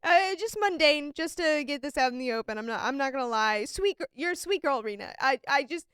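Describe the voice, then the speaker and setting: Young woman doing a halting, mock-polite professor; gentle on top, hostile under it; high, dry. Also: expressive, dry recording.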